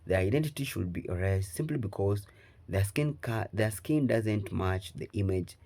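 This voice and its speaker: A male reaction channel host with a Jamaican accent, giving measured, explanatory scripted commentary. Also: on the low side, lively intonation, vocal fry, a little mellow.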